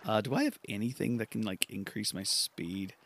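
A man's voice: fairly low pitch, lively intonation, normal speed, vocal fry, a bit bright, slight background noise. A man giving casual gameplay commentary for a podcast, rambling, repeating himself and amused at his own play. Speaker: gaming podcaster.

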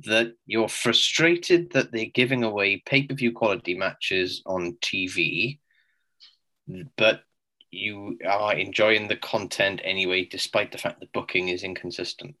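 A man's voice: lowish voice, fairly even intonation, unhurried, pushed and bright, rough recording. A man in his forties co-hosting a podcast in dry, wry casual chat. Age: 40s. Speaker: podcast co-host.

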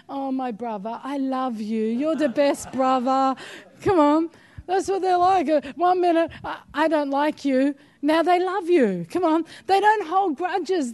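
A woman's voice: extremely high pitch, darkish tone. An older woman preaching a sermon, emphatic and urging her listeners on with repeated calls of "come on.".

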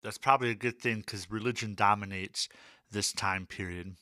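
Man co-host, casual educator, chatty and filler-heavy, forceful bright tone, dry close mic. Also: fairly low pitch, normal speed, dry recording. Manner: loose and chatty, with many fillers and asides. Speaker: podcast co-host explaining music history.

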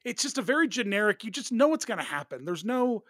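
A man's voice: high voice, big pitch swings, fast talker, a bit bright, no echo, studio quality. A man co-hosting a podcast, chatting loosely and jokingly about a film. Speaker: podcast co-host. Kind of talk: casual film discussion.

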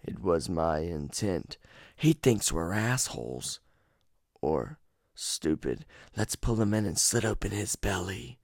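A man voicing a pair of calm, brutal adult male twin killers from a horror game, speaking slowly in a hushed, half-whispered, sometimes raspy voice. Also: sits low, dry recording, studio quality, full character voice. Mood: quiet menace. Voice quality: one raspier voice.

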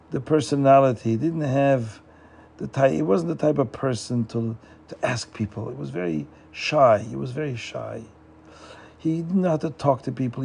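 A man narrating a folk tale in a plain, unhurried storytelling manner, often repeating himself for emphasis. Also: fairly high pitch, gravelly, dark tone, husky. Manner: plain, repetitive storytelling with restarts.

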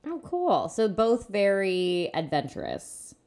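A woman's voice: mid-range voice, sing-song, slow, a little mellow. A woman hosting a podcast, chatting eagerly and asking leading questions. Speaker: podcast host. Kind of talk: casual interview chat.

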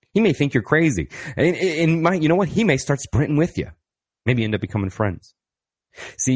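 A man with a fairly low voice delivers a casual self-help monologue. He talks bluntly and curses freely. He keeps firing rhetorical questions at the listener. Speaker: podcast host and author.

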